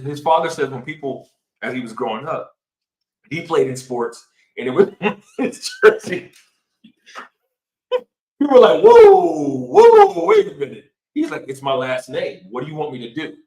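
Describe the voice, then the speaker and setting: A man co-hosting a casual podcast chat, telling a story with lots of laughter and a lively delivery. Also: mid-range voice, moderate pace, pauses often, reverberant, low-quality recording. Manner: animated storytelling with frequent laughter. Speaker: podcast co-host.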